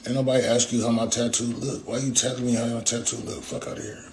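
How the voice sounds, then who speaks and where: A man's voice: mid-range voice, flat delivery, fast, darkish tone, a little hiss or hum. A man ranting on a livestream in a profane, confrontational way. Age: adult with young kids. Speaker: rapper streaming live. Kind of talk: livestream rant.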